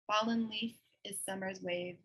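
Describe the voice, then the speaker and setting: A woman's voice: medium pitch, steady tone, measured pace, a bit bright, dull audio, a little hiss or hum. A woman co-hosting a casual chat about cross-stitch, chatty and enthusiastic, laughing often. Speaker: co-host.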